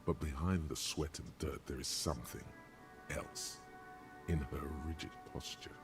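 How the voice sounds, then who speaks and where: A man narrating a video game in a measured, descriptive way. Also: rumbling low, fairly even intonation. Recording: game audio with music behind.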